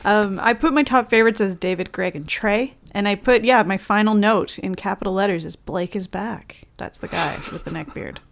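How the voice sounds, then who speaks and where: A young woman chats casually as a podcast co-host, her voice sitting at an ordinary middle pitch. She talks in quick, giggly asides and keeps the recap light. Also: creaky. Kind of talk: casual chat recapping a reality show.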